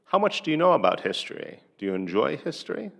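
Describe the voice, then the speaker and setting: A man teaching a lesson, asking a listener practice conversation questions one at a time with steady pauses. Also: on the high side, gravelly. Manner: measured, pausing between questions. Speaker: English teacher.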